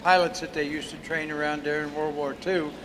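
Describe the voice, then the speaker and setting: A man's voice: on the high side, level tone, brisk, noisy background. An older man telling a rambling anecdote on a festival stage. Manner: rambling storyteller, frequent "uh"s. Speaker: guest storyteller. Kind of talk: casual anecdote.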